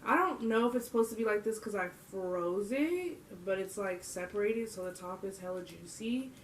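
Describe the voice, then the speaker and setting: A woman's voice: medium pitch, expressive, normal speed, distant mic, slight background noise. A young adult woman vlogging, telling a story to camera in a casual, slangy way and laughing often. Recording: roomy echo.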